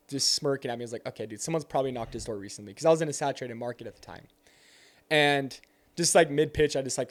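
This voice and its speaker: A young man telling a door-to-door sales story in casual chat, acting out both sides of the conversation. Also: mid-range voice.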